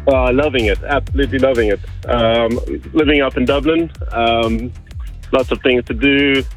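A man in his thirties with a South African accent, calling in to a radio show and chatting in a relaxed, hesitant way with many fillers. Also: mid-range voice, moderate pace, faint music behind, rough recording. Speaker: caller.

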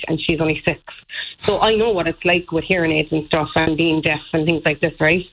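A woman in her thirties comes through a thin, tinny phone line. She tells her story in an indignant, rambling way, full of fillers. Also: fairly low pitch. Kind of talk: telling a personal story.

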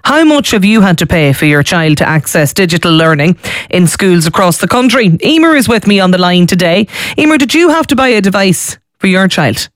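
Higher-voiced Irish man presenting radio. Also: very animated, brisk, fairly bright tone, dry recording. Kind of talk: live radio talk. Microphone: studio microphone.

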